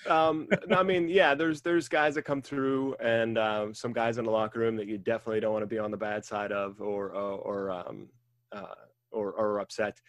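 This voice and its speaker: A man's voice: lowish voice, little pitch movement, moderate pace, no echo. A man, a wrestling referee telling stories in casual conversation, rambling with many ums and restarts.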